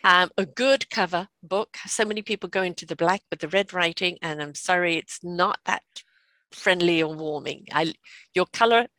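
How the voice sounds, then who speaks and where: A woman's voice: on the low side, moderate pace, bright, forceful tone, no room sound. A woman hosting an interview, chatting casually and encouraging her guest. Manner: encouraging, frequent affirmations. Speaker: interview host.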